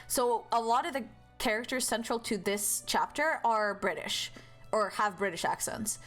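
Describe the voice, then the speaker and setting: A young woman streaming a game, chatting casually and animatedly with viewers, with loud outbursts and swearing. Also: a little high, moderate pace, faint music behind. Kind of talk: casual live-stream chat.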